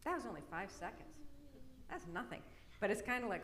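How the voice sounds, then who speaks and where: A woman's voice: mid-range voice, sing-song, fairly quick, fairly bright tone. A middle-aged woman presenting an autism awareness talk in a conversational way, often checking in with tag questions. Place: church hall. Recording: echoey hall, long reverb.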